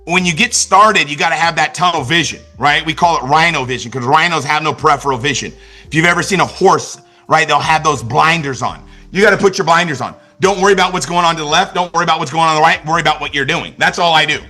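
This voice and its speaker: Energetic man coaching with bright, high voice. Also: quick pace, faint music behind. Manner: energetic, repetitive, many restarts and "right?". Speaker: network marketing trainer. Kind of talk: motivational business talk.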